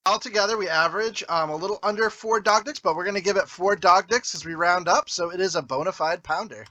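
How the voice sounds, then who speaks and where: A man with a high, bright voice, reading movie facts in a plain, matter-of-fact way, with lively rises and falls. The sound is close and dry. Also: quick pace, no room sound. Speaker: podcast co-host. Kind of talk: casual movie review chat.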